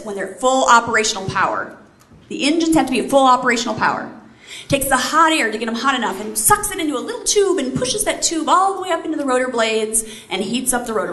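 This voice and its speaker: Animated woman telling a story in an echoey hall. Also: high-pitched. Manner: animated, quizzes the audience. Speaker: keynote speaker, former Army helicopter pilot. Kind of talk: storytelling speech to an audience. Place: large room before a live audience. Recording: echoey hall, faint ambience.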